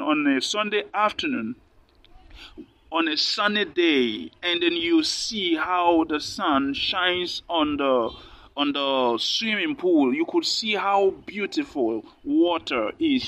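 A man's voice: fairly high pitch, bright, forceful tone. A man from Nigeria preaching a sermon, earnest and repeating phrases for emphasis. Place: Lome, Togo.

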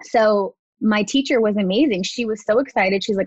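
A woman in her thirties, a makeup artist, recounts her start in a loose, talkative interview voice that is neither high nor low for a woman. She sprinkles in fillers and slips into quoted voices as she goes. The recording is dry and a little dull, with no room sound. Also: normal speed, a little mellow, dry recording. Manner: chatty, lots of "like" and "you know", acts out quotes. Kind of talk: casual interview storytelling. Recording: dry, slightly dull audio.

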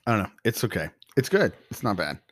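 Easygoing man with a low voice, dry sound. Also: big pitch swings, no echo. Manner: easygoing, chatty, quick to agree. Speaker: podcast co-host. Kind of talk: casual chat.

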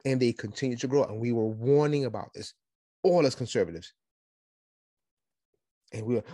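A man hosting a political podcast, talking in an animated, sarcastic monologue and mocking his opponents. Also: mid-range voice, moderate pace, long pauses, no echo, clean studio sound. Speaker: podcast host.

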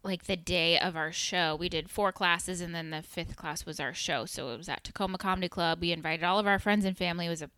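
A woman's voice: fairly low pitch, fairly quick, few pauses, pushed and bright, no room sound. A woman co-hosting a podcast, a stand-up comedian in easygoing casual chat who laughs often.

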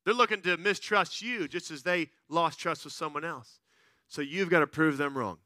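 At a normal speed and a slightly high pitch, a pastor delivers a lively sermon, moving from loud excitement to quiet earnestness and playfully voicing the people he quotes. The studio-quality audio has no room sound.

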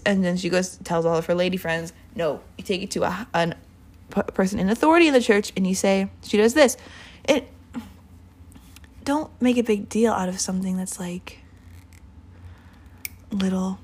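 A woman giving an informal, earnest sermon, casual and rambling, with many fillers and restarts. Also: mid-range voice. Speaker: Bible teacher.

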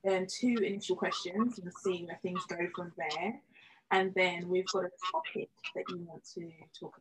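A woman with an English accent hosts a casual podcast, taking her time and padding her sentences with fillers. Her pace is slow and unhurried, and a faint hiss sits under the recording. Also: lowish voice. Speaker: podcast host.

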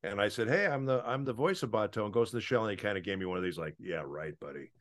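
A man, a voice actor, rambles through anecdotes in casual interview chat, with many filler pauses. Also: lowish voice, expressive. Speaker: voice actor guest.

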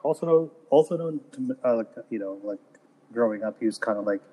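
A man co-hosting a podcast in casual chat, animated and swearing, doing jokey impressions. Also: medium pitch, brisk, breathy edge, big-room sound. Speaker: podcast co-host.

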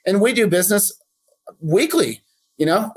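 A man's voice: high-pitched, expressive, normal speed, husky. A man who runs a boat detailing shop, speaking in a casual podcast interview in a friendly, practical way with plenty of fillers.

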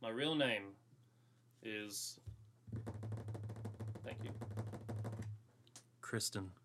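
A young Australian man co-hosting a casual podcast, giggly and animated. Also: fairly low pitch, very slow, very noisy. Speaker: podcast co-host, band member. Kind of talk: casual chat.

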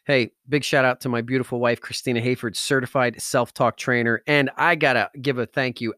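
A man hosting a podcast in an energetic, slangy motivational talk style, hyped and enthusiastic. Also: mid-range voice, fairly quick, few pauses, dry recording, studio quality. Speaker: podcast host.

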